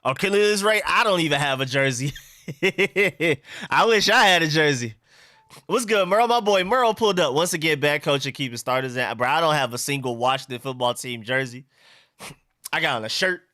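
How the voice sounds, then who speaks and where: A man's voice: fairly high pitch, lively intonation, fairly quick, pushed and bright, no room sound, clean studio sound. A young man hosting a live stream, chatting loosely and reading out viewer comments. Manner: loose and conversational, reads out chat comments. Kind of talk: casual live-stream chat.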